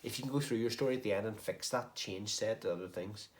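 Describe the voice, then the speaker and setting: A man's voice: on the low side, quick pace. A man teaching a recorded writing lesson to young pupils, explaining step by step and encouraging them. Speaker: primary school teacher. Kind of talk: recorded home-learning lesson.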